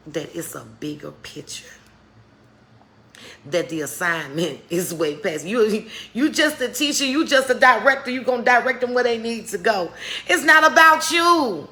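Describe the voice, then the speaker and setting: A woman's voice: low-pitched, gravelly, pushed and bright, a little hiss or hum. A middle-aged woman giving a motivational faith talk on a live stream, preacherly and calling her viewers "baby". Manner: preacherly, calls viewers "baby", greets chat by name.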